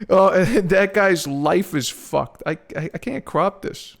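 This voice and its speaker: Young guy streaming, talks a bit high, rambly and sweary, cracks himself up. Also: lively intonation, takes it slowly, gravelly, hardly any pauses. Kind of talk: casual live-stream chat.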